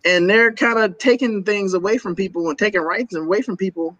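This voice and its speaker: A man talking as a guest in a casual interview, animated and laughing often, with quick asides. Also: high voice, no echo, highs cut off.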